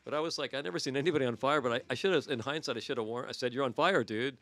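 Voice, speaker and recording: A man in his sixties hosting a podcast, telling crude stories quickly and laughing between lines. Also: medium pitch, fairly bright tone, no echo. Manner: fast, crude, laughing anecdotes. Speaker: podcast host. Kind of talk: raunchy casual storytelling.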